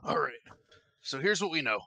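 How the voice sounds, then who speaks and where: A man's voice: a little high, very animated, normal speed, bright, forceful tone. Man thinking aloud at the table. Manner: thinking aloud, asking questions. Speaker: player. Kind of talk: casual tabletop play.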